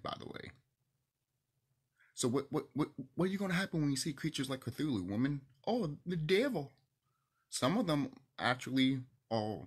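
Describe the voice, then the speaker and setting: A man ranting in a passionate monologue to camera, swinging between loud outbursts and hushed near-whispers, emotional and swearing. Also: medium pitch. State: emotional, teary. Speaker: video host.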